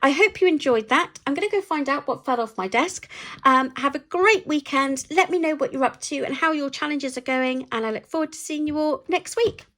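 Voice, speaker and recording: A middle-aged British woman chatting to camera for her budgeting vlog, rambling and getting excited as she goes. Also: high voice, fairly quick. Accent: British English. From United Kingdom. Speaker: budgeting vlogger. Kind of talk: casual chat to camera.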